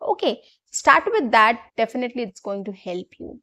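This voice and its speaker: A woman's voice: on the high side, sing-song, normal speed, pushed and bright. A woman teaching a spoken English lesson to her viewers, patient and repeating her points with fillers.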